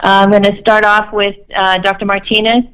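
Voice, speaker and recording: Smooth-voiced woman leading an interview. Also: mid-range voice, flat delivery, fairly quick, a bit bright, low-quality recording. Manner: organized, leads the questions. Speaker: charity chapter president, phone guest. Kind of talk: phone interview.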